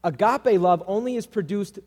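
A man with a somewhat high voice preaches in a relaxed, chatty way, peppering his points with "like" and little acted-out quotes. His voice rings out with a long reverb through the hall. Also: moderate pace. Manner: casual and conversational, acting out quoted voices. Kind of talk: sermon.

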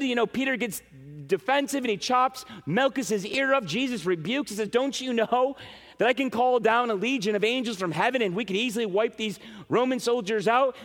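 A man preaching a sermon as pastor, emphatic and animated, speaking straight to his congregation. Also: extremely high pitch, big-room sound. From western New York.

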